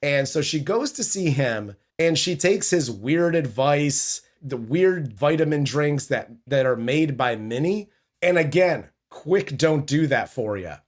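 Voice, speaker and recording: A man's voice: on the high side, lively intonation, a little slow. A man co-hosting a movie review podcast, chatting in a casual, profane, mocking way. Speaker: podcast co-host.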